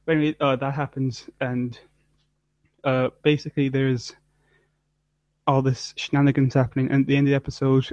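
A man's voice: medium pitch, little pitch movement, fairly quick, long pauses, a little mellow, dry recording. A man co-hosting a casual chat, rambling dryly with lots of fillers and trailing off. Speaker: podcast co-host. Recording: dry, dull lo-fi mic.

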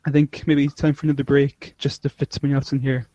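A man's voice: medium pitch, flat delivery, quick pace, dark tone, no room sound. Guy rambling through an episode review, dry dull-sounding mic. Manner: rambling, trailing off and restarting. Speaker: podcast co-host. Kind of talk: casual chat reviewing an episode.

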